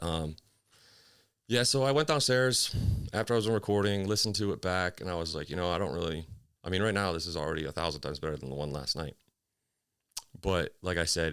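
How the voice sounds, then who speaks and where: Low-voiced man rambling on a podcast. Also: fairly bright tone, clean tone, no echo, studio quality. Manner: rambling, self-deprecating, swears freely. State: slightly out of breath. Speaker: podcast host. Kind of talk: casual solo podcast chat. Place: small hot home office.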